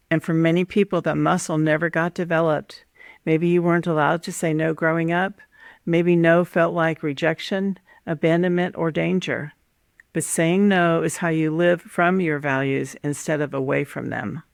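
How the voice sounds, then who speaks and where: A woman host speaks in a calm, measured teaching voice, taking her listener through her points one by one. Her tone carries a gravelly fry, and the recording is close and dry with no room sound. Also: low-pitched, dry recording. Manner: calm, measured, instructive, lays out numbered points. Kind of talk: scripted teaching monologue on relationships.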